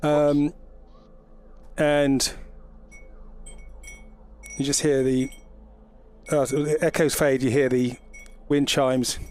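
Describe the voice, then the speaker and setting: A man running an online tabletop game as game master, describing scenes with many pauses and ums. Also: mid-range voice, flat delivery, darkish tone. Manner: hesitant, fills with ums while describing scenes. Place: home, remote online session.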